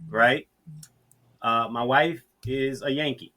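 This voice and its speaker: A man's voice: medium pitch, fairly even intonation, slow, sharp tone. A middle-aged man from Georgia telling his story in a casual interview, talking unhurriedly with frequent restarts. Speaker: interview guest.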